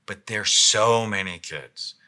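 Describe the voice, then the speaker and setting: Middle-aged male podcast co-host, very low pitch, bright forward tone, calm explaining manner. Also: slow pace. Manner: calm, explanatory, often drops to a soft low voice. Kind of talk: casual podcast conversation.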